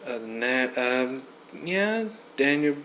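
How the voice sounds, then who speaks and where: A young man giving a casual, rambling wrestling review, restarting sentences often and getting animated. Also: mid-range voice, takes it slowly, poor audio. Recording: faint background noise.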